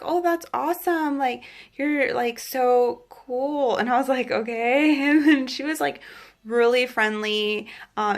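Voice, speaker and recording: A young woman tells her personal faith story in a chatty Los Angeles–area vlog, leaning on "like" as a filler and acting out the quotes. She has a mid-range, gravelly voice with a fairly bright tone.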